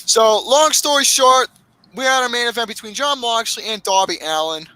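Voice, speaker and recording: A man hosting a casual podcast, recapping wrestling matches with lots of swearing and excitement. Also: very high-pitched, moderate pace, clear, resonant tone, poor audio. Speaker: podcast host.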